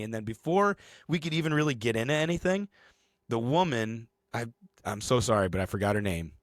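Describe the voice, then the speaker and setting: A man co-hosting a podcast, telling a story in casual, profane, animated fashion. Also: fairly low pitch, fast talker, dry recording. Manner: animated, profane storytelling with shouted acted quotes. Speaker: podcast co-host.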